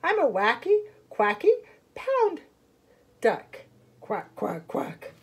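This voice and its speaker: A woman's voice: huge pitch swings, slow, breathy edge, exaggerated voice. A woman voicing a wacky pond duck in a sung children's storybook, with bouncy quacks. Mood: silly. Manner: bouncy quacking, leaps high and low.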